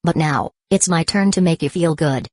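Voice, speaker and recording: A woman's voice: sits low, normal speed, no echo, studio quality. A synthetic woman's voice reading the lines of a confident, teasing young man in a storybook, with no change of voice. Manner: flat machine-read delivery.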